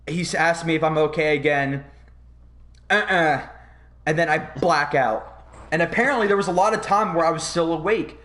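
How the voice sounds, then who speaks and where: A young man hosting a podcast, telling a long story in a rambling, profane, animated way. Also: on the high side. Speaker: podcast host. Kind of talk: casual storytelling.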